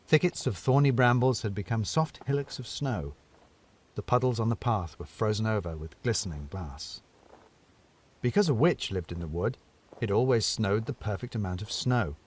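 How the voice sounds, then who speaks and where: Expressive male storybook narrator. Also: medium pitch.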